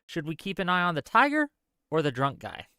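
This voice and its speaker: A man's voice: a little high, huge pitch swings, bright, forceful tone, clean tone, dry recording, studio quality. A man hosting a live stream, asking the panel questions and reading out paid messages. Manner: reads paid messages aloud in a brisk run. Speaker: stream host reading donations. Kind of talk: casual live-stream chat.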